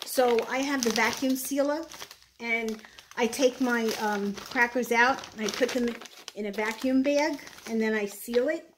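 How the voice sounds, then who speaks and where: Brooklyn woman, a bit high-voiced, opinionated home cook chatting over clattering pots. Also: measured pace, background noise. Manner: chatty, opinionated, frequent fillers. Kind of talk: casual cooking demonstration. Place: home kitchen. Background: clattering dishes and utensils.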